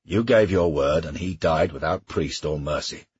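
A man voicing a stern, vengeful knight in an audiobook, short and grim in speech, with a husky voice. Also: rumbling low, moderate pace, no room sound, dull audio, full character voice. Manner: terse, grim. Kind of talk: audiobook character reading.

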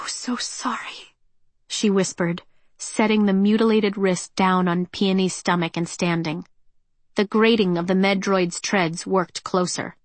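A woman reading an audiobook in a measured, tense and expressive way. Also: medium pitch, dry recording. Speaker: narrator. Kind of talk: audiobook narration.

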